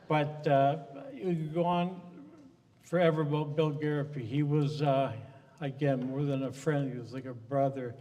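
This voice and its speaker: A man with a fairly high voice speaks about a close friend at a funeral, halting and emotional, trailing off between phrases. A long reverb from the hall hangs on his voice. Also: fairly even intonation, darkish tone. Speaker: eulogy speaker. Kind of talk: funeral eulogy.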